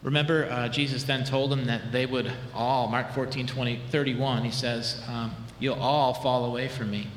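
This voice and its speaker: A male pastor preaching a sermon, animated, dropping low and quiet for dramatic retellings. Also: normal speed, few pauses, slight background noise. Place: church sanctuary. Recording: echoey hall with long reverb.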